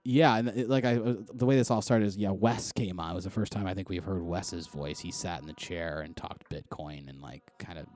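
A man's voice: low voice, fairly quick, few pauses, a little mellow, slight background noise. A man hosting a podcast, chatting loosely and rambling with lots of fillers and restarts. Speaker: podcast host. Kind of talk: casual podcast chat.

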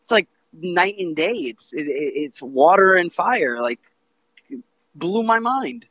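A man's voice: high voice, expressive, slow, a bit bright, no room sound, lo-fi sound. A man co-hosting a casual chat about a TV show, enthusiastic and stumbling over his words. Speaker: podcast co-host.

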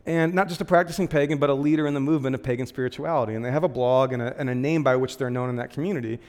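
A man's voice: mid-range voice, very fast. Chatty man preaching in a reverberant hall. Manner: chatty, frequent "like" and "um" fillers, laughs lightly. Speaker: pastor. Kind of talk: casual conversational sermon.

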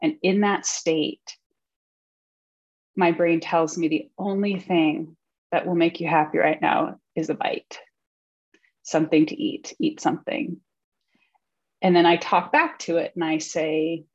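A woman sharing candidly in a support-group meeting, speaking haltingly with many pauses. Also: fairly low pitch, steady tone, a little mellow, dull audio.

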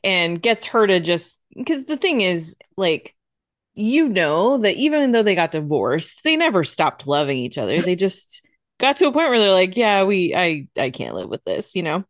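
A woman in a casual film discussion, speaking in a thoughtful, halting way. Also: lowish voice, very animated, no room sound, studio quality.

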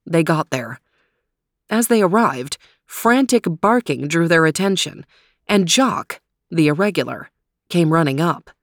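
A woman narrates a children's story in a calm, gentle reading voice. Her register sits low for a woman, and the recording is close and dry. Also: no room sound.

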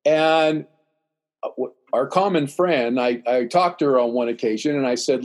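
In a relaxed conversation, an older man spins a long tale, playing out others' dialogue with animation and many rambling restarts. He speaks at a normal speed with a mid-range voice.

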